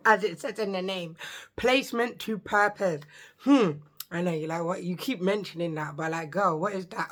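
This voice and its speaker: A woman in her thirties, a social worker, introducing her vlog channel in an excitable, chatty, joking way, with a voice she says sometimes gives out. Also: lowish voice, normal speed.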